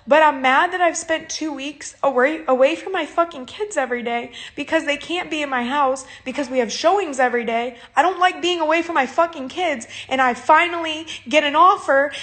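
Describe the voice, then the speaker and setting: High-voiced woman ranting in tears. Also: fairly quick, hardly any pauses, a bit bright. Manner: angry, swearing often. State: crying. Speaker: livestreamer. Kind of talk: live-stream rant.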